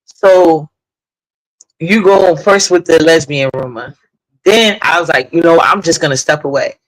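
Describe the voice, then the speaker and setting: A woman's voice: sits low, unhurried, low-quality recording. A woman hosting a casual live stream, talking bluntly and at length, swearing freely and greeting viewers in the chat between points.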